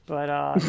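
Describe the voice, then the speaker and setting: A man's voice: fairly high pitch, gravelly, a little mellow. A man co-hosting a podcast, recapping a comic in casual chat, enthusiastic and laughing often. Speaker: podcast co-host. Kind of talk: casual comic book discussion.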